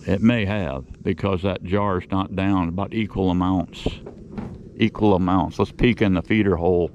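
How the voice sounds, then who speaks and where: A man's voice: sits low, steady tone, normal speed, a little mellow, lo-fi sound, slight background noise. A man hosting his own beekeeping channel, talking casually outdoors in a rambling, folksy way that circles back and repeats phrases. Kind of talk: casual outdoor vlog monologue.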